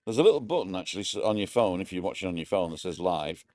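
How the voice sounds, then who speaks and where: A man's voice: low-pitched, expressive, fast talker, a little mellow, dry recording. A middle-aged man casually chatting on a live stream from a bar, greeting viewers by name and wearing earphones.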